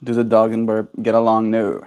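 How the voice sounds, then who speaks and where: A man's voice: fairly low pitch, monotone, fairly quick, a little mellow, clear, resonant tone. A man livestreaming casually, rambling and musing aloud. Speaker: daily livestreamer. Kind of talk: casual stream chat.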